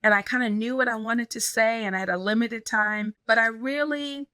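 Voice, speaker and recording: A woman pastor in an interview, telling stories in an animated way and acting out the dialogue she quotes. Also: a little high, normal speed, dry recording. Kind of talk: conversational interview storytelling.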